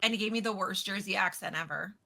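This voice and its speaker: A woman's voice: mid-range voice, quick pace, gravelly, bright, forceful tone. A woman co-hosting a casual podcast chat, telling loose, profane anecdotes.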